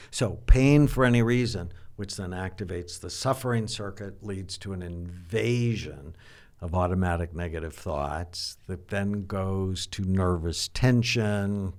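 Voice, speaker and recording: Older guy, psychiatrist on a podcast, really low voice, teacherly and animated. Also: a little slow. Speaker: psychiatrist guest. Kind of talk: interview conversation.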